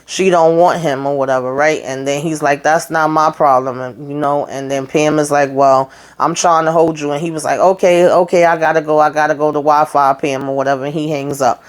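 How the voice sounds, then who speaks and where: A woman's voice: low-pitched, steady tone, brisk, hardly any pauses. Chatty woman recapping a TV episode. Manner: retells scenes in quoted dialogue, chatty asides. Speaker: TV show recapper. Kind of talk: casual recap commentary.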